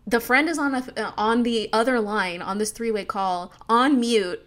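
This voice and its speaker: A woman's voice: on the high side, moderate pace. A woman co-hosting a casual chat, telling stories with acted-out quotes. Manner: animated storyteller, acts out quotes. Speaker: podcast co-host.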